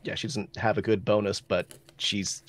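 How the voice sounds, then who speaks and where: A man's voice: lowish voice, little pitch movement, normal speed, a little hiss or hum. A man playing a tabletop role-playing game, casual and laughing. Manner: laughs, drops into dramatic character bits. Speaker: player.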